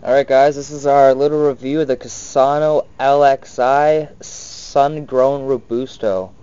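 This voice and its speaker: A man's voice: mid-range voice, fairly even intonation, unhurried, dark tone, smooth. A young man co-hosting a casual cigar review, talking loosely with many fillers. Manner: loose, filler-heavy speech. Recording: dull lo-fi sound.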